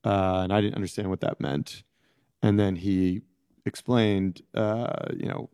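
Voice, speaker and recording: A middle-aged man with a low, mellow voice answers interview questions in a halting, reflective way, often pausing to search for words. His voice sounds close and dry, with no room around it. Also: steady tone, clean tone, no echo. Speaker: interview guest, former prisoner.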